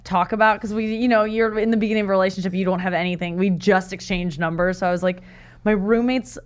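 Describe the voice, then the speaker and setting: A chatty woman co-host in relaxed podcast talk. She teases, and her sentences wander and trail off. Her voice sits at a middle pitch. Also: quick pace, smooth. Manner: teasing, chatty, trails off mid-thought. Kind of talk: casual chat.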